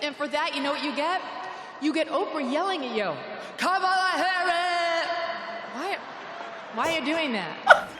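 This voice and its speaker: A woman's voice: high voice, expressive, brisk. A woman giving a sarcastic, mocking political rally speech with punchy delivery. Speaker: rally speaker. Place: large echoing hall. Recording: echoey hall with long reverb, noisy.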